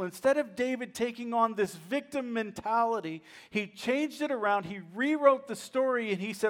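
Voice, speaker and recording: Man preaching, high-pitched voice, dramatic storytelling, hushed to loud. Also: moderate pace, few pauses. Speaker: pastor. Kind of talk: sermon.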